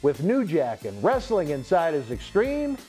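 A man's voice: a little high, huge pitch swings, unhurried, mellow, faint music behind. A male interview host in upbeat broadcaster patter, cutting to a break. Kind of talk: talk-show host segue.

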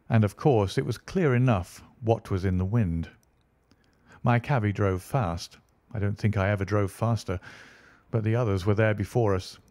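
Guy narrating an audiobook, steady storytelling, low voice, dead dry sound. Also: no room sound.

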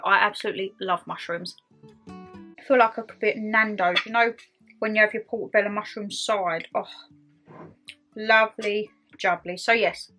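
A woman's voice: mid-range voice, bright, forceful tone. A woman vlogging casually to camera over dinner, chatty and self-mocking, talking with her mouth full. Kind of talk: casual chat to camera while eating.

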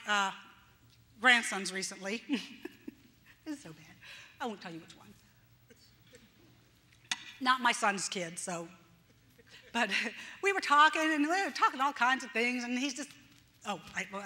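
Older woman, pastor, high bright voice, chatty sermon with little acted voices, echoing church hall. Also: very animated, normal speed, long pauses. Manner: chatty, self-deprecating, acts out little voices with laughs. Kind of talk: conversational sermon. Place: church sanctuary.

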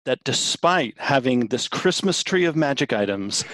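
A man's voice: medium pitch, expressive, moderate pace, a bit bright, no echo. A man playing in a tabletop game, playfully describing his character's quirks. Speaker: player.

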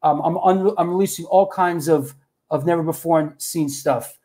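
Chatty New stream host. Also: male voice, fairly high pitch, moderate pace, mellow. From New York. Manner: loose and chatty, talks straight to viewers, says bro and yo. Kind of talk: casual livestream chat.

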